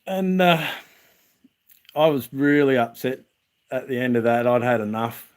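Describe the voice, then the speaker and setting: An Australian man speaks casually to his viewers from outdoors. He tells long, rambling stories full of fillers and restarts, at an everyday middle pitch. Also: animated, a little slow, clean tone. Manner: rambling, chatty, with many restarts and "uh". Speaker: vlogger.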